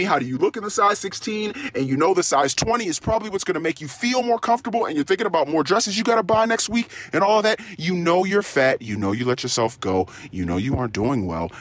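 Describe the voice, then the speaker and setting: A man's voice: medium pitch, breathy edge. A man rambling through a spoken diary in a crude, profane, ranting way. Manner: animated, swings into mock-excited tones. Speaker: diary podcast host.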